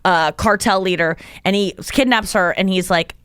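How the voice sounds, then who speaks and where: A woman's voice: medium pitch, normal speed, smooth, no echo, clean studio sound. A woman in her forties hosting a podcast, chatting casually and telling stories with laughs. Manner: animated, laughing storyteller. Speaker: podcast host. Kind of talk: casual chat.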